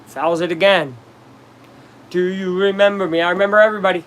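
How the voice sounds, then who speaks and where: A man casually commenting on a baseball game on a live stream, chatting with viewers and reacting loudly to plays. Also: high-pitched, steady tone, fairly quick, slight background noise.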